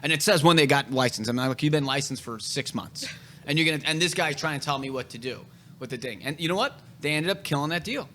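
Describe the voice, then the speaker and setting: A man's voice: fairly high pitch, animated, fast, sharp tone, a little hiss or hum. A man hosting a casual podcast chat, telling real estate stories in a blunt, profane way.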